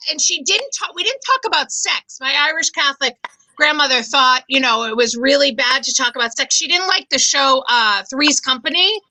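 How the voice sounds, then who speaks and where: A middle-aged woman from the Boston area doing a stand-up comedy set, self-deprecating and halting, with lots of ums and restarts. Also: high-pitched, bright, forceful tone, poor audio. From Boston area, USA. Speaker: stand-up comic. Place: comedy club stage with audience.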